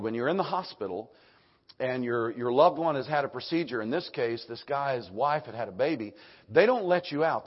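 An older preacher, hoarse and husky, preaches with lively swings between near-shouts and quiet asides. His pitch climbs and drops all over as he retells stories. The sound is dull and lo-fi. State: hoarse, voice nearly gone. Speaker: Baptist preacher. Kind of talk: sermon.

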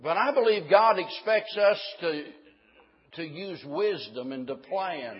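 High-voiced husky preaching man. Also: animated, slow pace, long reverb tail, highs cut off. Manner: folksy, rising to emphatic preaching. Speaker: pastor. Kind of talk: sermon.

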